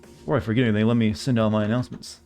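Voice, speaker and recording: A man's voice: on the low side, flat delivery, racing, darkish tone, faint music behind. A man streaming a game, chatting casually and ramblingly with his live viewers and greeting them by name.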